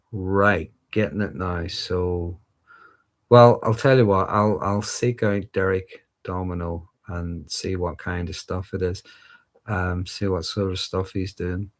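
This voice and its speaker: Middle-aged Northern Irish male livestream host, deep voice, thoughtful and rambling, reading and answering viewer questions. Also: creaky. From Northern Ireland. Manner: thoughtful, rambling, frequent ums and restarts. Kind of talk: casual livestream chat.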